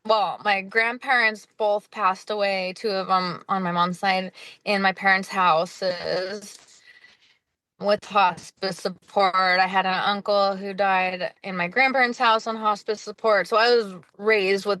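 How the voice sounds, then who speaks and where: A woman's voice: mid-range voice, level tone, a little slow, sharp tone, dry recording. Chatty woman podcast host, dry sound. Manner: chatty, with frequent laughs and fillers. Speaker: podcast host and hospice nurse. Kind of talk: casual interview chat.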